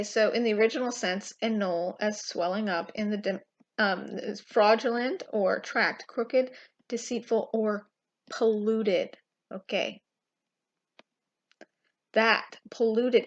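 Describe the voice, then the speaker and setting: A woman giving an informal, impassioned Bible teaching, emphatic and full of pauses and restarts. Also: medium pitch, muffled recording. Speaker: Christian teacher.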